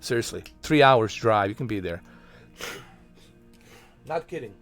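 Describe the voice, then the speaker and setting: A man's voice: fairly low pitch, expressive, measured pace, a bit bright, soft background music. A man from Bosnia, chatting casually on his stream in a rambling, filler-heavy, profane way.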